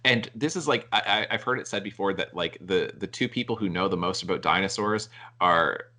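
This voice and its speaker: A man's voice: deep voice, a little fast, bright, forceful tone. A man hosting a podcast, talking in a rambling casual way with many fillers and restarts. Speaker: podcast host. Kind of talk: casual chat.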